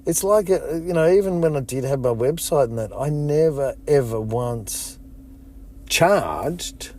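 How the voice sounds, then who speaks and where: Guy rambling on his own podcast, swears constantly, gets all excited and high when telling a story. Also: a little slow. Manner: rambling and heavily profane; excitable, pitch jumps up in retold stories. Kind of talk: casual solo podcast monologue.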